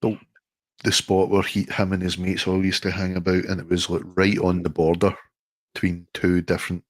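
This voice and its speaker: A man's voice: sits low, little pitch movement, moderate pace, no room sound. A Glaswegian man co-hosting a live stream, telling stories in casual chat, swearing and laughing often. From Scotland.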